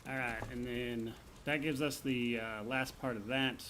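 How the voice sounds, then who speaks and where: A man giving casual let's-play commentary on a game, explaining choices in a relaxed way with plenty of ums and uhs. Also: mid-range voice, unhurried, a little hiss or hum. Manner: relaxed, explanatory, with many fillers. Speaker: gaming streamer.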